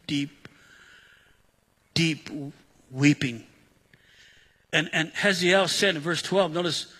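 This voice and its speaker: Bright husky preacher in a reverberant hall. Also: male voice, fairly high pitch. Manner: conversational, paraphrasing scripture in casual voice. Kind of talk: sermon.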